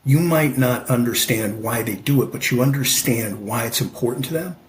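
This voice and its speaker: A man's voice: mid-range voice, normal speed, a little hiss or hum, rough recording. A man in his fifties, a podcast guest and amateur fighter, telling stories in a passionate, emphatic way and often tagging "right?". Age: 50s. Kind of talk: conversational storytelling.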